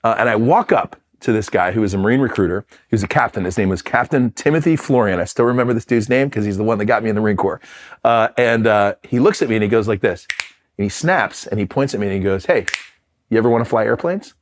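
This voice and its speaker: A man's voice: fairly low pitch, quick pace. A middle-aged man from Philadelphia, a former Marine fighter pilot, telling his story in an interview in a candid, self-deprecating way with restarts and fillers. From Philadelphia, USA.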